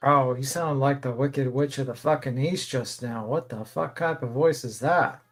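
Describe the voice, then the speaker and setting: A man's voice: medium pitch, normal speed. A man on a livestream panel, blunt and swearing freely in casual chat. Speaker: panel guest.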